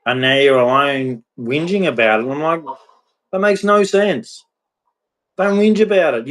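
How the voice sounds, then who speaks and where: A man's voice: medium pitch, fairly bright tone, rough recording. Guy ranting bluntly about relationships, rambly and emphatic, regular mid voice. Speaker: podcast host. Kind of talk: candid relationship monologue.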